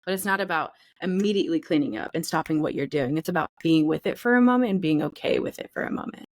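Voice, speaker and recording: Frank, swearing woman podcaster, low voice. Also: lively intonation, quick pace, no echo. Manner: candid, profane, acts out feelings in quoted voices. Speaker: podcast co-host. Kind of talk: casual chat.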